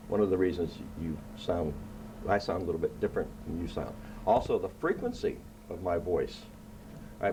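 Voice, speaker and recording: A man's voice: deep voice, background noise. A man hosting a science show, explaining things to children in a casual, playful way and checking in with "right?" again and again. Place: indoor room.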